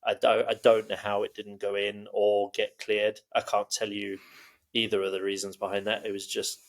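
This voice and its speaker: A man's voice: on the low side, monotone, normal speed. A man co-hosting a casual football podcast, rambling and joking with plenty of "um" and "uh". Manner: rambling, jokey, heavy on fillers. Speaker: podcast co-host.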